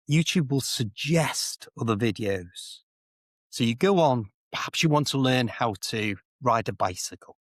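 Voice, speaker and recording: A man's voice: medium pitch, fairly bright tone, no echo. A man with a Liverpool accent chatting casually as a co-host, explaining phrases with rambling everyday examples. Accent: Liverpool English. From England. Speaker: co-host, English teacher. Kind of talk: casual chat. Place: indoor home office.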